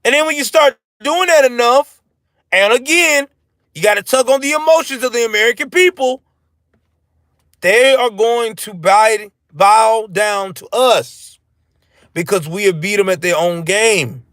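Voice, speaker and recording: Brief: high-pitched man ranting on a live stream, profane and animated, dry close sound. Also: measured pace, dry recording. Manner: profane, animated, answers chat. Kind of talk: ranting political commentary.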